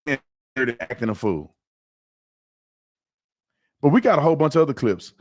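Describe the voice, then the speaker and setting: A man's voice: medium pitch, very animated, moderate pace. A man hosting a live reaction stream, talking emphatically and repeating words as he starts each point. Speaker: host.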